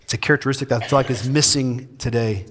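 A man preaching a sermon as pastor, emphatic, shifting between loud, urgent passages and soft, intimate ones. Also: medium pitch, fairly even intonation, quick pace, slight background noise. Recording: hall reverb.

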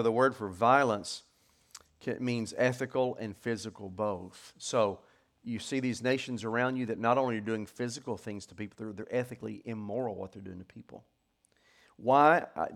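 A man teaching scripture verse by verse, reading each passage slowly and with emphasis, then explaining it in quicker, casual asides. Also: mid-range voice. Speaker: Bible teacher.

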